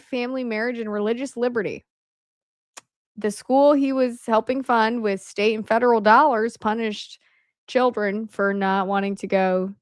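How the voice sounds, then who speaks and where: A woman's voice: medium pitch, no room sound, studio quality. A woman giving casual, sarcastic commentary as she reads from old websites, breaking into laughter and asides. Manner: sarcastic asides, laughs while reading aloud. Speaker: political commentary podcaster.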